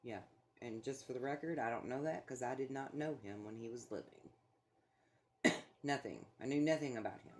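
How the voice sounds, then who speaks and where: A woman's voice: a bass voice, darkish tone, a little hiss or hum. A middle-aged woman chatting casually, a blunt, profane storyteller who swears freely. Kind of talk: casual chat.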